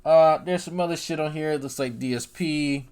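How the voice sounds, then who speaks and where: A man's voice: on the high side, normal speed, darkish tone, clear, resonant tone. Sarcastic man mocking a channel. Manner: mocking, repetitive, profane asides. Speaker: commentary YouTuber. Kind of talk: sarcastic commentary over screen scrolling.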